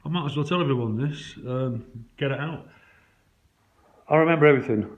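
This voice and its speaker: A man, talking to camera from his flat in a low, rambling, conspiratorial way. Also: fairly quick. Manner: low muttering, conspiratorial, points around his flat as he talks. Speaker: vlogger. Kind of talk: rambling first-person account to camera. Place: his home, a flat indoors.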